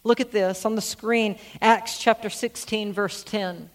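A man's voice: high-pitched, steady tone, a little slow. A middle-aged male pastor preaching a sermon, telling stories earnestly and repeating phrases for emphasis. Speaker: senior pastor.

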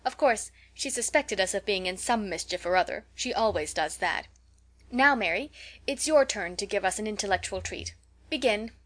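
A woman reading a bold, teasing schoolgirl from a storybook, higher and louder than the narration. She is emphatic and likes to sound grand and solemn in fun. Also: expressive, normal speed. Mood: bossy. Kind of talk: audiobook character voice.

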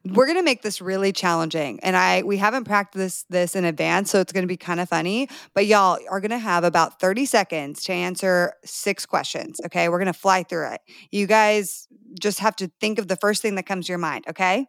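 A woman's voice: on the low side, a bit bright, no echo. Upbeat lady hosting a podcast, cheery, dry close mic. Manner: bubbly, enthusiastic, quick cheers. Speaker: podcast host. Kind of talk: hosting a group podcast chat.

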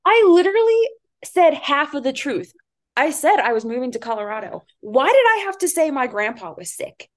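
A young woman co-hosting a podcast, telling a story in casual chat, animated, swearing freely and laughing at herself. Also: sits high, moderate pace. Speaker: podcast co-host.

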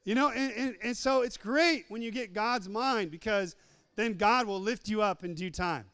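A man delivers a joking sermon in a high, smooth, resonant voice. He repeats lines for emphasis and slips into other voices to act out little scenes. The sound is close and dry. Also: moderate pace, fairly bright tone, no room sound. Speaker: preacher. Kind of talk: humorous sermon.

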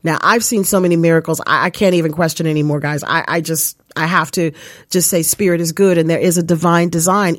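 Here a woman's rather low voice comes through with no echo. She's the host of a live spiritual coaching show, earnestly and casually recounting something personal while regularly addressing listeners directly as "you guys."

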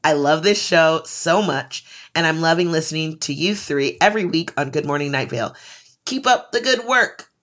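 Woman, podcast co-host. Playful, laughs easily, lower-pitched. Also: moderate pace, fairly bright tone. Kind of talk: casual chat, reading listener mail.

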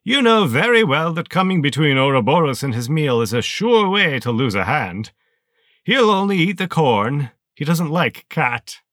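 A man's voice: on the high side, big pitch swings, normal speed, fairly bright tone, no room sound, studio quality, voice pushed up. A man voicing a towering armored male villain colonel with a grating, rusty-saw voice and a mocking manner. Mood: menacing. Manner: mocking, coldly amused.

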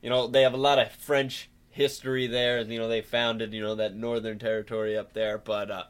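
A man's voice: mid-range voice, flat delivery, fairly quick, clear, resonant tone. A man co-hosting a podcast, rambling and joking in casual chat, full of fillers. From Southern US. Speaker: podcast co-host.

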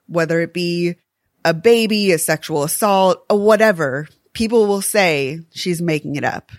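A woman's voice: fairly low pitch, dry recording, clean studio sound. A woman co-hosting a true crime podcast, talking earnestly and emphatically and swearing when worked up. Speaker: podcast co-host.

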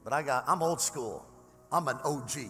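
A man preaching a sermon as pastor, hoarse from having lost his voice, with energetic delivery that climbs toward shouting. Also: mid-range voice, moderate pace. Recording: large hall reverb with faint music.

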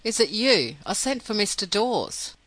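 A man's voice: sits high, sing-song, measured pace, bright, forceful tone, dry recording, voice pushed up, heavily acted, rough recording. A man voicing a faint, ailing lady. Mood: weary. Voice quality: faint and tired. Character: weary ailing middle-aged lady, feeble.

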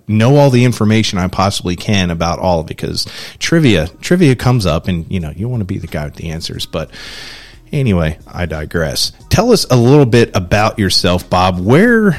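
A man hosting a local show, reading out events and chatting in a loose, talkative way. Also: low voice. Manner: chatty, loose, with fillers and asides. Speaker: host. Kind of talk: casual interview and local announcements.

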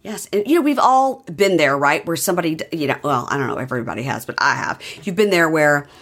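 A woman co-hosting a podcast, chatting casually and retelling a story with animated quotes. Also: deep voice, quick pace. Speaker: podcast co-host. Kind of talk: casual chat recapping a reality show.

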